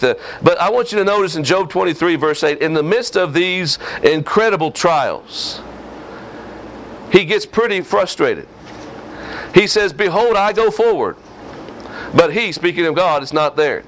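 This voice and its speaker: High-voiced preaching man. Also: fairly bright tone, a little hiss or hum. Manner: preaching with a rising, emphatic cadence and repeated phrases. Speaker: pastor. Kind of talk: sermon.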